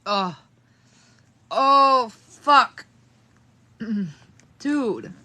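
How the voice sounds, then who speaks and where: A woman's voice: sits high, animated, drawn-out words, sharp tone. A young woman livestreaming casually to her viewers, shaky and in pain, laughing nervously and swearing through it. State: trembling, in pain.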